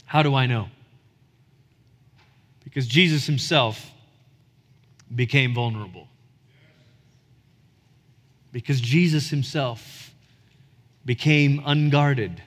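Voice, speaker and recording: A man's voice: mid-range voice, fairly bright tone. A man in his forties preaching a sermon as a pastor, earnest and building to emphatic peaks. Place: church sanctuary. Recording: reverberant hall.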